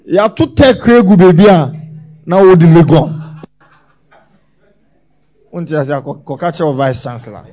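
A man preaching a sermon as pastor, swinging between loud shouts and hushed lines. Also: fairly high pitch, normal speed, pauses often.

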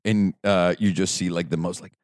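A man's voice: sits low, fairly even intonation, moderate pace, no room sound, clean studio sound. A man whose first language is Spanish, hosting a casual podcast with friends, joking and self-mocking. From Mexico. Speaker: podcast host.

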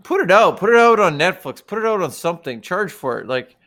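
A man's voice: high voice, sing-song, fairly quick, fairly bright tone. A man in casual chat over a video call, swearing freely and telling rambling stories. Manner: profane, rambling storyteller.

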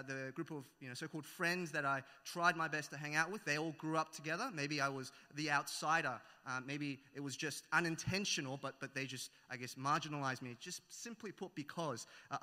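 A man's voice: a little high, bright, forceful tone. A man with an Australian accent, raised in New Zealand, preaching a sermon in a conversational way with many fillers and self-corrections. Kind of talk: sermon with opening prayer. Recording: echoey hall reverb.

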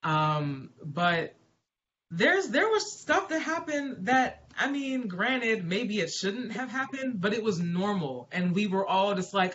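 A man's voice: high voice, animated, a little slow, bright, forceful tone. A man from the Pittsburgh area talking through his view in a casual podcast discussion. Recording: muffled recording with faint noise.

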